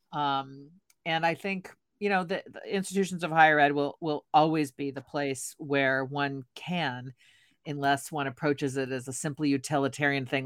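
A woman who once taught at a university, answering interview questions in a thoughtful, measured way. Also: rumbling low, no room sound, studio quality. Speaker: guest, former university educator. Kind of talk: podcast interview.

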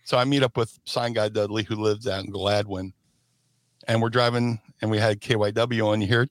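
A man's voice: on the low side, moderate pace, no room sound. Middle-aged philly guy telling wild stories, does the voices, dry close mic. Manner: animated, acts out voices and shouts in stories. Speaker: guest, former wrestler. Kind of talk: casual storytelling.

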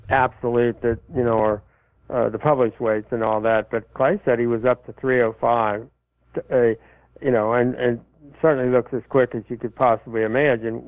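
A medium-pitched man answers listener questions on college football in a casual way, his speech rambling and stop-start with lots of fillers and false starts. The tinny phone-line audio is dry, with no echo.

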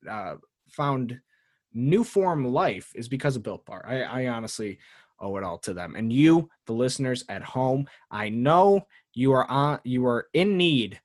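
A man hosting a casual sports podcast, talking in an animated way with frequent laughs and mock impressions. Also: mid-range voice, a little slow. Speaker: podcast host.

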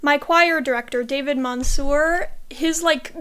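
A woman's voice: sits high, measured pace, pushed and bright. A woman in her twenties from the United States, a theatre historian chatting as a podcast guest in an enthusiastic, friendly way. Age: 20s. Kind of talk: casual podcast chat.

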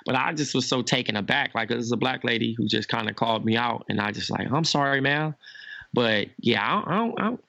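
A young man, a podcast co-host, chatting casually and telling animated stories. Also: brisk, gravelly, no room sound. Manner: animated storyteller, acts out quotes in a higher voice. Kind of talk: casual chat.

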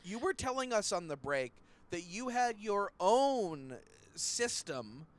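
A man's voice: sits high, sing-song, slow pace. A man co-hosting a comedy podcast, joking in a goofy mock-salesman delivery. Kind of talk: improvised comedy chat.

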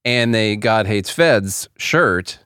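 Male podcast co-host, jokey and relaxed, dry studio sound. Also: on the low side, takes it slowly, clear, resonant tone, no echo. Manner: joking, easygoing banter. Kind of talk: casual political chat.

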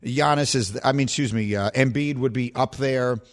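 A man hosting a sports talk show, arguing his points with emphatic, animated talk and frequent restarts. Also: medium pitch, normal speed. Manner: animated, emphatic, self-correcting.

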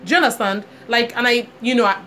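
Animated woman telling a story. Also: on the high side, quick pace. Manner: animated storytelling, acts out quoted voices. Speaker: podcast co-host. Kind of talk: casual chat. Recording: faint background noise.

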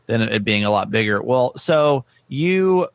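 A woman's voice: a bass voice, expressive, unhurried, dry recording. A woman hosting a podcast, chatting casually and teasing her co-host. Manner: teasing, playful.

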